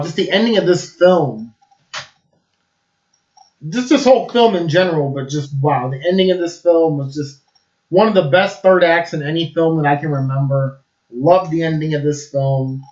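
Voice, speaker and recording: A man's voice: on the high side, darkish tone, reverberant, muffled recording. A man giving a casual, enthusiastic film review, rambling with lots of fillers.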